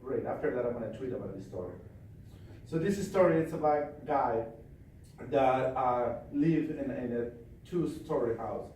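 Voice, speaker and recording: A man leading a live training seminar, forceful and commanding, repeating his points as he tells a story. His voice echoes heavily around a large hall, caught from far away, with faint room noise behind. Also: medium pitch, lively intonation, moderate pace.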